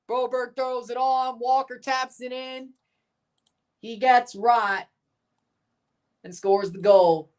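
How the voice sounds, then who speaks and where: A woman hosting a live hockey watchalong, giving relaxed play-by-play, answering chat questions and erupting into shouts on goals. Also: on the high side, slow, long pauses. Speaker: livestream host.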